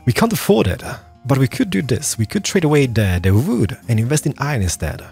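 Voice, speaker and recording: A man's voice: mid-range voice, brisk, gravelly, slightly rough. Young guy narrating his strategy game, voice swoops all over, lil music in the back. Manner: animated, excitable, muttering to himself. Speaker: gaming YouTuber. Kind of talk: gameplay commentary.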